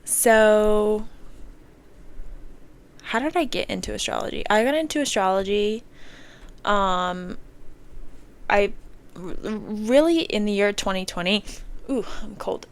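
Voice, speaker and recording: A woman's voice: medium pitch, unhurried, pauses often. A young woman hosting a casual solo talk, rambling and emphatic, with frequent "like" and blunt swearing, recorded on her phone indoors. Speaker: podcast host. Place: indoors under an air vent.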